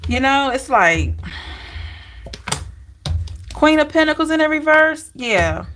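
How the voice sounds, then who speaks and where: A woman's voice: high-pitched, very animated, takes it slowly, a bit bright, a little hiss or hum. Middle-aged woman, light Southern drawl, tarot streamer, loose and chatty. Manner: chatty, laughing, talking to live chat. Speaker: tarot reader. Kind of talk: live-stream tarot reading.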